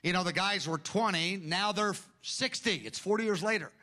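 A man delivers a sermon with a high, bright voice. He talks in a loose, conversational way and slips into lively retellings of what others said. The tone stays ringing and forward. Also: moderate pace. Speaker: preacher.

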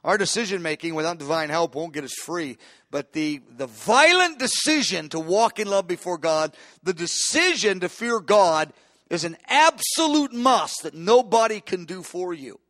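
A man's voice: high voice, sing-song, normal speed, fairly bright tone, dry recording, clean studio sound. A man preaching a sermon with impassioned delivery, often restarting phrases and building to emphatic peaks.

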